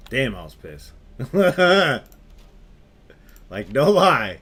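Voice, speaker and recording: Laid-back man telling a story, lively pitch. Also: drawn-out words. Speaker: gaming streamer. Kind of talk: casual storytelling while playing.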